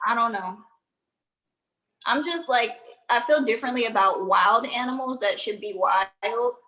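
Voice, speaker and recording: A woman's voice: on the high side, a little slow, pushed and bright, low-quality recording. A woman, co-hosting a casual review show and giving her opinions in a gossipy, chatty way. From Louisiana. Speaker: co-host.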